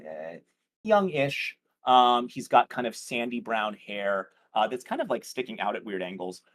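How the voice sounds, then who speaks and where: A man narrating as game master of a tabletop game, with many pauses and fillers. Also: medium pitch. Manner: rambling, many ums, slips into characters' voices.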